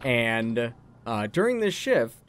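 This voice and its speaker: A man's voice: mid-range voice, big pitch swings, takes it slowly, fairly bright tone, clean tone. A man co-hosting a gaming show, casually telling a rambling anecdote to his co-host. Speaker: co-host of a let's play channel. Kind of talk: casual gaming chat, storytelling.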